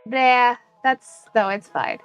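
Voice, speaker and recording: A young woman streaming, chatting with her viewers in a bubbly, giggly voice that she pitches above her natural one. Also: fairly even intonation, takes it slowly, smooth, dry recording, soft background music. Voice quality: put-on higher bright stream voice. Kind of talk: casual live-stream chat.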